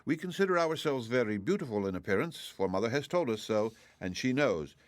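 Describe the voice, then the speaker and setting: A man's voice: medium pitch, lively intonation, brisk, dry recording, lightly acted. A man voicing a proud, polite young dragon with a drawling, haughty manner.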